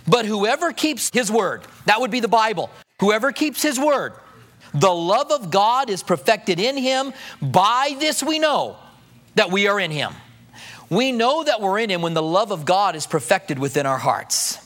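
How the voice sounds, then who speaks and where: A pastor preaching a sermon in a church, talking in a conversational way with rhetorical questions and dropping to a soft hush when he voices prayers. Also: sits high, sing-song, unhurried.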